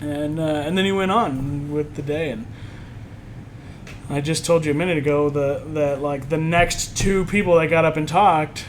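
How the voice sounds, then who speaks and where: A man on a podcast, casually telling an animated story and acting out what others said. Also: fairly high pitch, moderate pace, a little hiss or hum, poor audio. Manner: animated storytelling, acts out quotes. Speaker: podcast co-host. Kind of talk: casual chat.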